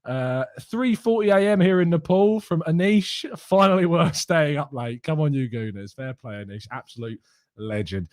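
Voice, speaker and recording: Brief: young male stream host, giddy, mocking, quick to laugh, a touch high, dry close mic. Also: no room sound. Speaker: fan channel host reading live chat. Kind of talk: excited live stream chat.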